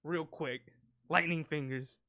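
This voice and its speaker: A man's voice: on the high side, fairly even intonation, takes it slowly, pushed and bright, dry recording, clean studio sound. Rambling, profane man with a raised voice. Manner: profane, rambling, acts out sound effects and voices. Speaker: podcast co-host. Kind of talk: casual podcast banter. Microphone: close podcast mic.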